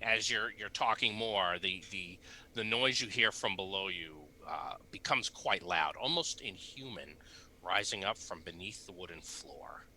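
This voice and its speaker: Male game master, bright and animated, descriptive with "uh"s. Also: lowish voice. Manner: descriptive, with hesitant fillers. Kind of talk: narrating a tabletop game.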